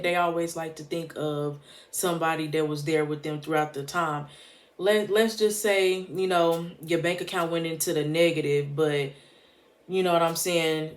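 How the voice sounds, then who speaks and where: A motivational vlogger speaking straight to the camera in a heartfelt, preachy way, often repeating points for emphasis. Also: mid-range voice. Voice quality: emphatic, preachy, casual street-smart phrasing.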